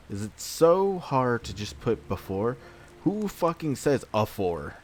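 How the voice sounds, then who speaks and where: A man's voice: medium pitch, very animated, slow pace, hardly any pauses, slight background noise. A man hosting a game playthrough, ranting in an exasperated, rambling way and swearing often. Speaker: let's play host. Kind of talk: gameplay commentary, ranting.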